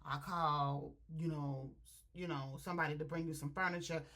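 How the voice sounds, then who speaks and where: A woman voicing a cold, commanding man who speaks in a flat, blunt way. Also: low-pitched, normal speed, voice pushed down.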